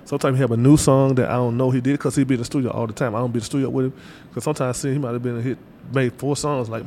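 Male interview guest, rapid, mellow-toned, easygoing slang with fillers. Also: medium pitch, steady tone, slight background noise. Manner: loose, repetitive street slang with many fillers. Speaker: interview guest, artist manager. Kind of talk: casual interview chat.

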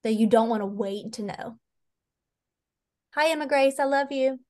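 A woman chatting on a podcast, excitable, swearing freely and acting out scenes as she retells them. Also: on the high side, normal speed. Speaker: podcast co-host. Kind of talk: casual chat.

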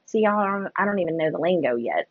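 Chatty low-voiced woman rambling. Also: animated, fast, no room sound. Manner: chatty, rambling, self-deprecating, heavy on "like" and "you know". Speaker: vlogger. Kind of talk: casual storytelling vlog. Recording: dull lo-fi recording.

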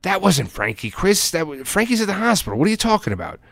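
A man's voice: sits high, big pitch swings, fast, creaky, a bit bright, dry recording, clean studio sound, pitched above the performer's own voice, exaggerated voice. A man doing a stubborn, agitated father. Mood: insistent. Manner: urgent, arguing, raised voice. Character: agitated middle-aged father, insistent and stubborn.

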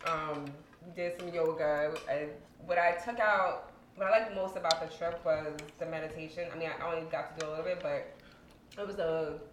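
Chatty low-voiced woman in an echoey room. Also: fairly even intonation, moderate pace, background noise. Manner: chatty, meandering, many fillers. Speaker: co-host. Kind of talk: casual chat over dinner.

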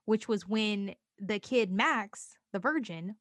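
A young woman co-hosts a casual chat and slips into high, squeaky voices whenever she acts something out. Her voice sits at a middle pitch and is recorded close and dry. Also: expressive, slow, fairly bright tone, dry recording. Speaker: podcast co-host.

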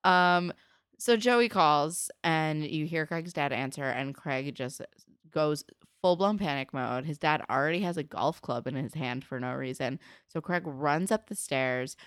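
A young woman with a low voice chats through a TV episode recap. She slips into quick put-on voices for the characters' lines. The sound is close and dry. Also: clear, resonant tone, no echo. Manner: animated retelling, acting out characters' lines in quoted voices. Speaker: podcast co-host. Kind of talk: casual chat recapping a TV episode.

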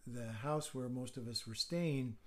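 Older man, measured unhurried storyteller. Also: medium pitch, fairly bright tone. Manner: measured storyteller with hesitant fillers. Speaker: therapist and podcast guest. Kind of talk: casual chat.

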